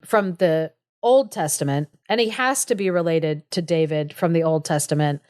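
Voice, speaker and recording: A woman's voice: sits low, normal speed, darkish tone, clear, resonant tone, no echo, studio quality. A young woman co-hosting a podcast, casually retelling a fairy tale with lots of "like" and small laughs. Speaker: podcast co-host. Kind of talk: casual storytelling chat.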